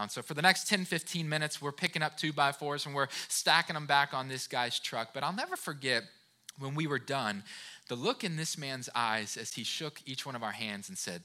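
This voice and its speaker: A man with a fairly high, very bright and forceful voice gives a motivational talk. His pitch swings widely as he tells personal stories, often checking in with the listener with "right?" He restarts and repeats words as he goes. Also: lively intonation, fairly quick. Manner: earnest, direct address to the listener with frequent "right?". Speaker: speaker of a talk series.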